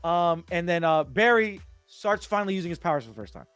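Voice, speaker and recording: High-voiced guy hyped recapping a movie at home, dry close sound. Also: fast talker, smooth, dry recording, soft background music. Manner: excitable, acts out scenes with voices and hums. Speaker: podcast host. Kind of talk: casual movie discussion.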